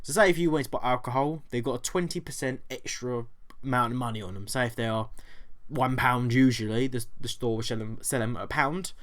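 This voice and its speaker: Young man, British accent, storytelling vlog, animated, acts out both sides, swears. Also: mid-range voice, a little fast. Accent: British English. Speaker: vlogger.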